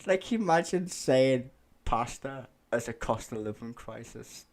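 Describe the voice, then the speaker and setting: A man's voice: mid-range voice, expressive, measured pace. A man live-streaming, ranting sarcastically and swearing as he reacts to a clip.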